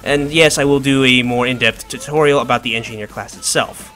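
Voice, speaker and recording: A gaming video creator talks casually through a video game in a rambling tutorial, often joking at his own expense. His voice is medium-pitched and steady, a little fast, pushed and bright. Faint music plays in the background.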